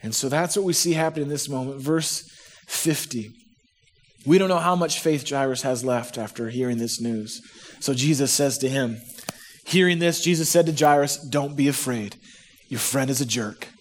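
A man's voice: medium pitch, normal speed, a little hiss or hum. A man preaching a sermon in a conversational, humorous way, acting out the quotes he reads. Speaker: pastor.

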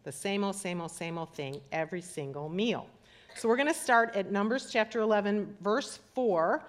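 Middle-aged woman pastor, lively sermon delivery, playful asides. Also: mid-range voice, normal speed. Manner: animated, acts out scripture voices. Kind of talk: sermon with scripture reading.

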